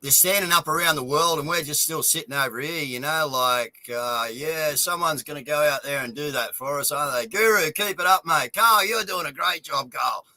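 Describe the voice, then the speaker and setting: A man's voice: on the high side, moderate pace, hardly any pauses, pushed and bright, dry recording, poor audio. An Australian man ranting in a casual online chat show, swearing and fired up.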